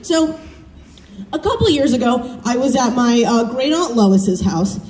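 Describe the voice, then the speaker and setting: A young woman from the American South performing a self-deprecating stand-up set, chatty and animated as she tells family stories. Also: fairly high pitch, measured pace, a little hiss or hum. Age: young adult. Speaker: student stand-up comic. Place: campus showcase stage. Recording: roomy, distant stage recording with faint ambience.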